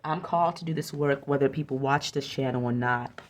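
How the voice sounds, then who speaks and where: A woman's voice: very deep voice, fairly quick, a little hiss or hum. A woman giving an oracle card reading, speaking earnestly and encouragingly and often repeating her phrases. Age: adult with a young son.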